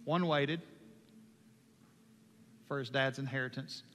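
A man preaching a sermon with passion, moving from hushed lines to loud ones. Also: mid-range voice, fairly even intonation, takes it slowly, slight background noise. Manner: impassioned, swings from hushed to loud. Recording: long hall reverb.

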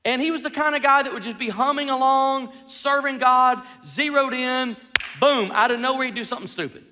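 A man preaching with a very high, bright voice, telling the story in an animated way with wry self-deprecating humor. The sermon rings out in a large, reverberant church hall. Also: fairly quick.

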